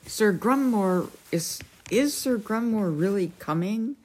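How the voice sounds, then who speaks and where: A woman's voice: medium pitch, animated, slow pace, a little mellow, pitched above the performer's own voice. A woman voicing a polite, earnest young boy in a storybook reading.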